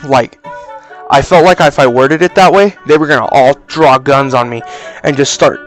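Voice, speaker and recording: A young man casually telling a story for a vlog, animated and swearing freely, on a cheap mic. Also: mid-range voice, normal speed, soft background music. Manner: animated, profane, acts out voices. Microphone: cheap low-quality mic.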